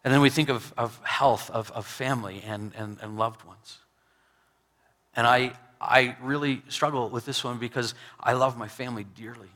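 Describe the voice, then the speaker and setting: Bright-voiced man preaching an earnest sermon. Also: mid-range voice, steady tone. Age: adult, married with two sons. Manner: earnest, halting preaching with frequent restarts and shifts between loud and soft. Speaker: pastor.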